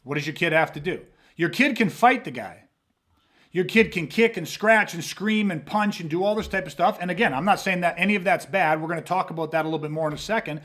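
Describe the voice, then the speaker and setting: High-voiced blunt self-defense podcast host. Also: male voice, fast talker, fairly bright tone. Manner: blunt, emphatic, heavy swearing, acts out scenarios. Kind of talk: casual podcast talk.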